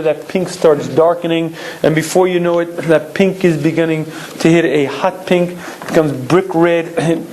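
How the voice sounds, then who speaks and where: A man giving a recorded Torah lecture, explaining emphatically and clearing his throat often. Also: on the high side, darkish tone, a little hiss or hum, low-quality recording.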